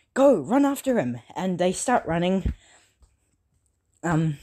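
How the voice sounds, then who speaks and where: A woman casually retelling a fan story, halting often with fillers and self-corrections. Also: low voice, a little mellow.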